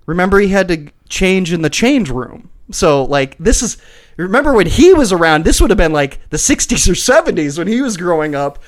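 A man with a high, bouncy voice that swings widely as he talks. He co-hosts a podcast in loose, casual chat, laughing often and slipping into little acted-out voices mid-story. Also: a little fast. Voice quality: animated, laughs often, acts out voices in stories. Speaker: podcast co-host.

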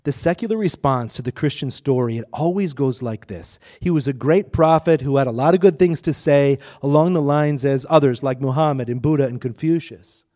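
A man's voice: mid-range voice, fairly quick, few pauses, mellow. A male pastor preaching a sermon, emphatic and asking the congregation rhetorical questions.

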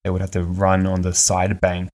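A man's voice: sits low, monotone, moderate pace, a little mellow. A man hosting his own podcast in a casual, candid monologue with frequent fillers. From Australia. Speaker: podcast host.

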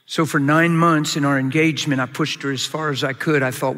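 A bright, fairly high-voiced man preaches a sermon in a big hall, his words ringing with a long reverb. He tells his story with lots of drama, jumping from loud shouts to hushed asides in front of a live audience. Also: a little fast, hardly any pauses. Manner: animated storytelling, swinging from loud shouts to low quiet asides. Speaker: pastor.

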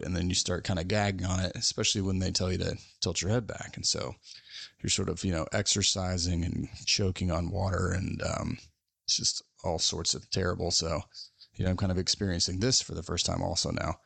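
A man's voice: low-pitched, vocal fry, a bit bright, no room sound. A man hosting a podcast, telling a story in a casual, rambling, self-mocking way with lots of fillers. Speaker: podcast host.

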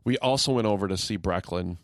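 Rambling low-voiced man, dry close mic. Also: brisk, no echo. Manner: easygoing, rambling, laughs often. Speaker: podcast co-host. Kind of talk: casual chat.

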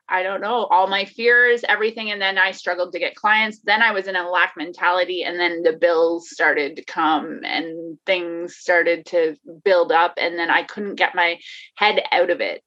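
A woman's voice: lowish voice, a bit bright. A woman talking candidly in a casual conversation, laughing often, swearing and restarting her sentences. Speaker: guest, life coach. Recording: dull lo-fi sound.

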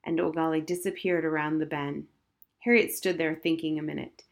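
A woman reading a children's novel aloud as audiobook narration in a clear, measured way. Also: deep voice, fairly even intonation. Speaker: audiobook reader.

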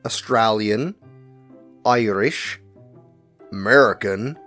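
Over soft background music, a man co-hosting a casual podcast reads out quiz questions and their answer options. His voice is fairly low and a bit bright, and as quizmaster he goes through the options slowly and deliberately between chatty asides.

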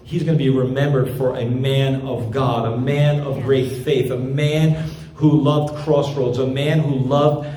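A man's voice: medium pitch, steady tone, measured pace, warm tone, roomy sound. A man preaching a sermon as pastor, fervent and repeating his phrases for emphasis.

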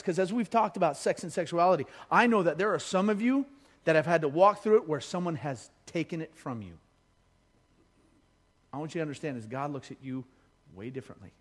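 A middle-aged pastor from Colorado, preaching with jokes and lively storytelling. His voice sits a little higher than most men's. He swings from punchy, energetic anecdotes to quiet, earnest appeals. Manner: humorous storytelling, energetic, drops low and soft for earnest appeals. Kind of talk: sermon.

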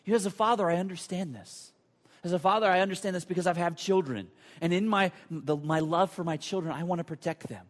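Man, pastor, sermon, earnest, slightly high voice, long reverb of a church sanctuary. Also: quick pace. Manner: earnest, building to emphatic high points, then hushed and prayerful.

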